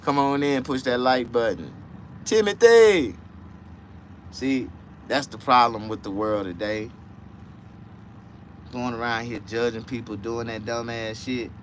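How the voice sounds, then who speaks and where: A man hosting a casual livestream chat, rambling and profane, dropping to low mutters and jumping to high excited outbursts. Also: measured pace, long pauses, slight background noise. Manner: profane, rambling street talk. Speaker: livestream host.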